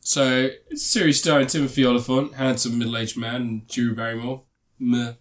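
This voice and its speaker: Casting: male co-host, casual rambling reviewer, mid pitch, loose chatty delivery. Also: fairly even intonation, brisk. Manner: rambling, frequent ums and restarts.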